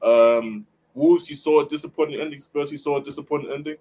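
A man's voice: fairly high pitch, fairly even intonation, quick pace, dark tone, low-quality recording. Stammering male panelist, faint noise behind. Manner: hesitant, stammering. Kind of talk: casual chat.

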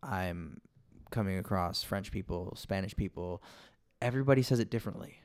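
A man's voice: low voice, moderate pace, a little mellow. A man, a guest actor on a podcast, chatting casually, laughing often and using lots of fillers. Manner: laid-back, laughs often, many fillers.

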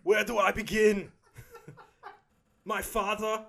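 A man's voice: high-pitched, flat delivery, slow, vocal fry, fairly bright tone, full character voice. A man voicing a pompous storyteller in an exaggerated fake German accent, reading a comic monologue. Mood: grandiose.

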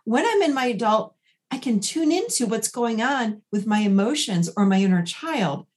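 Animated woman therapist telling stories. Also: fairly high pitch, normal speed. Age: 40s. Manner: animated storyteller acting out dialogue. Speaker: therapist and guest. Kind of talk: conversational podcast interview.

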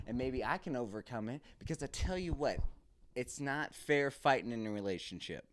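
A man's voice: medium pitch, expressive, moderate pace, fairly bright tone. A man hosting his own podcast, telling a candid, rambling story about home life in a casual monologue. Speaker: podcast host. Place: Texas, recorded live.

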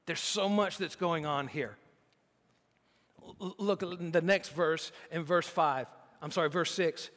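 A man's voice: a little high, a little slow, fairly bright tone, long reverb tail. A man preaching a sermon in a conversational way, often restarting his sentences. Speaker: pastor.

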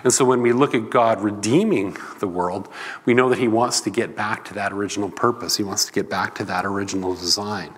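A man's voice: fairly low pitch, fairly quick, a bit bright, breathy edge, big-room sound. A man preaching a sermon in a loose, conversational teaching manner. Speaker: pastor.

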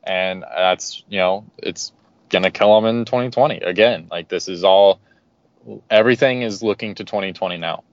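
A man appearing as a guest on a political podcast, making his points in a steady, earnest way. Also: deep voice, normal speed, dry recording. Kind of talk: casual political podcast chat. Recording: dry, dull lo-fi audio.

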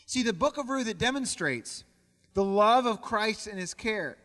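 Young male pastor, high bright voice, earnest sermon delivery, long church reverb. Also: lively intonation, a little slow. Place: church sanctuary.

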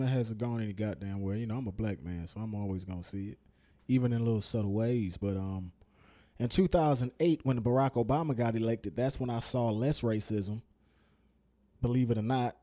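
A man's voice: mid-range voice, fairly quick, warm tone. A man co-hosting a podcast in casual chat, blunt and insistent, cursing plainly as he makes his point. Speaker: co-host of a podcast.

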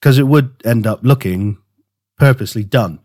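A man's voice: mid-range voice, normal speed, a little mellow, no echo, studio quality. A man co-hosting a podcast, chatting casually and rambling about his woodworking with frequent laughs. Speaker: podcast co-host. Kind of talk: casual chat.

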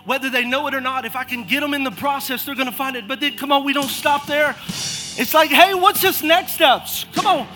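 A man preaching a lively sermon as pastor of a church, energetic and calling out churchgoers by name with repeated urging. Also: very high voice, fast, faint music behind. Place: church auditorium.

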